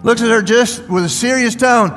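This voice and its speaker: Older male pastor, high voice, reverberant hall. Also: moderate pace, fairly bright tone. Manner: conversational, asks the congregation questions. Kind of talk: sermon. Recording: long hall reverb with faint music.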